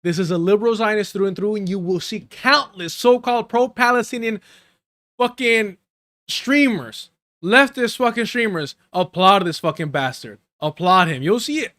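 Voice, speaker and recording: A man's voice: sits high, normal speed, fairly bright tone, no room sound, studio quality. A man giving live reaction commentary on a clip, mocking and profane, breaking into laughter.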